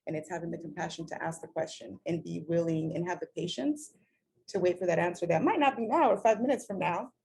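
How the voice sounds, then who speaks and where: A woman's voice: lowish voice, fast talker, creaky, darkish tone, husky. A middle-aged woman talking candidly as an interview guest, swearing casually and acting out her own past words. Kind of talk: casual conversation.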